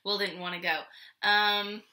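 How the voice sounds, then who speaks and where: A woman's voice: medium pitch, fairly even intonation, a little slow, bright, forceful tone. A middle-aged woman hosting a casual haul vlog, chatty and rambling, laughing often as she talks. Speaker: vlog host.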